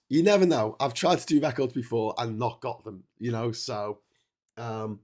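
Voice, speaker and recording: A middle-aged man chats loosely to his livestream viewers, with a cold in his voice. He rambles, stops and restarts his sentences, and fills the gaps with ums and uhs. His voice sits in an ordinary middle pitch. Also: normal speed, darkish tone. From England. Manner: rambling, many fillers and restarts. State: has a cold. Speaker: livestream host. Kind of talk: casual livestream chat.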